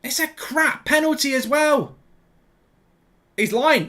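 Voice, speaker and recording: A middle-aged man hosting a live football watchalong, ranting excitably and repeating himself as the match unfolds. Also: very high voice, takes it slowly.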